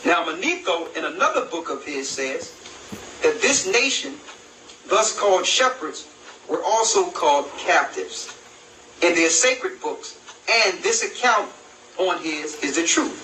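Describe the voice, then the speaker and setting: A man reading aloud from an old history text and commenting on it, slowly and emphatically, with rhetorical questions. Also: on the high side, expressive. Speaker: religious video host. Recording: roomy echo, distant mic, noisy background.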